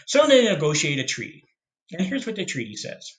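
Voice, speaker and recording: A man giving a casual history lesson, telling the story with jokes and quick put-on voices for the historical figures. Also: a little high, very animated, a bit bright. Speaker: history teacher.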